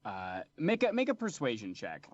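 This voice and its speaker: A man narrating a tabletop game as dungeon master, descriptive and relaxed with frequent fillers. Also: medium pitch, moderate pace, muffled recording, a little hiss or hum.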